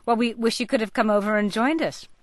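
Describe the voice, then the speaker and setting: A woman hosting a radio call-in segment, brisk and guiding with light playfulness. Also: fairly high pitch, no echo. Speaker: radio host.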